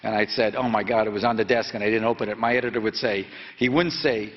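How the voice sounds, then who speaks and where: With a voice on the low side and fairly even intonation, a reporter in his seventies tells a story to students and quizzes them with quick questions. He speaks haltingly and fills gaps with fillers. Recorded in an echoey lecture hall, the sound is dull and lo-fi.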